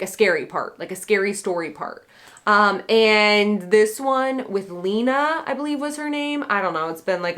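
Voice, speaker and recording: Chatty woman reviewing a spooky book. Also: medium pitch. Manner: chatty, rambling, with frequent ums; excitable, playful asides. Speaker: book club vlogger. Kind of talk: casual chat to camera.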